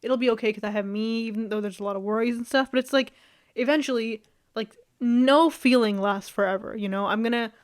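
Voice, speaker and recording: A woman's voice: fairly high pitch, a little fast. A young woman vlogging in a loose, rambling chat, full of fillers, easy laughs and casual swearing.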